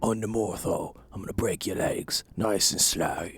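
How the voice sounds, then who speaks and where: A man voicing a gruff male thief who whispers orders over comms, with a Cockney London accent and a gravelly whisper. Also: deep voice, normal speed, slight background noise. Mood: menacing.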